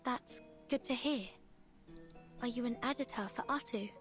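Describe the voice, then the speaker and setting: An actress voicing a composed young woman timekeeper who asks calm, direct questions. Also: fairly high pitch, normal speed, soft background music, close to an everyday voice.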